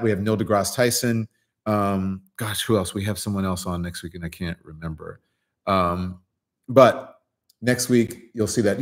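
A man's voice: lowish voice, a little mellow. Chatty male livestream host. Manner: rambling, chatty, answers viewer chat. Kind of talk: casual livestream chat.

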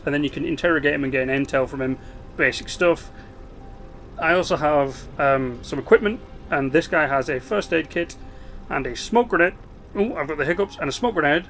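A man giving casual commentary as he plays a strategy game, explaining its mechanics with quick asides and restarts. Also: fairly high pitch, a bit bright, slight background noise. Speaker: gaming video host.

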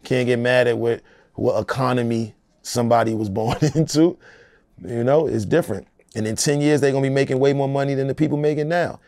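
A man's voice: mid-range voice, fairly even intonation, a little fast, a little mellow, no echo, studio quality. A middle-aged American man, a rapper in an interview, talking in a loose, emphatic, streetwise way. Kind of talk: casual interview talk.

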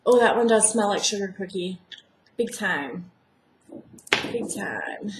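A woman's voice: mid-range voice, expressive, slow, reverberant, background noise. A woman vlogger chatting casually and gushing as she unboxes a package.

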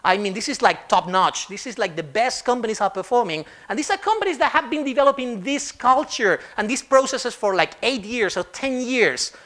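A man giving a humorous conference talk on stage, animated and fond of acting out quotes. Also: extremely high pitch, a little fast, hardly any pauses. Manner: animated, acts out quotes in funny voices. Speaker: conference speaker.

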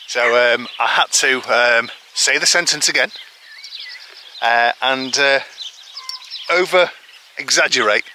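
Man, vlogger, mid-pitched, rambling self-mocking chat; recorded outside with clear country noise and birdsong. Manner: chatty, rambling, self-deprecating humor. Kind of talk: casual vlog chat. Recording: rural outdoor noise with birds.

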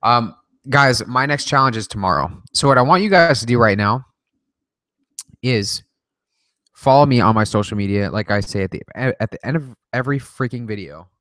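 A man's voice: mid-range voice, lively intonation, normal speed, fairly bright tone, dry recording, studio quality. A man hosting a livestream, answering viewer questions in a casual, joking way with plenty of swearing and rambling asides. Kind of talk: casual rapid-fire Q&A livestream.

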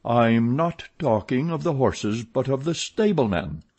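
A man playing a gruff head groom who talks bluntly, in a dry and measured way, in an audiobook. He speaks slowly, with a slightly husky sound. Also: mid-range voice, voice pushed up. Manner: flat, dry, measured delivery.

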